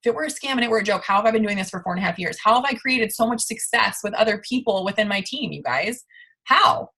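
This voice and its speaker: A woman's voice: medium pitch, expressive, fast talker, bright, forceful tone, slightly rough. A woman in her thirties leading a motivational training talk on a video call, emphatic and repeating her points. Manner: emphatic, repeats for effect, keeps saying "you guys". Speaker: sales team leader.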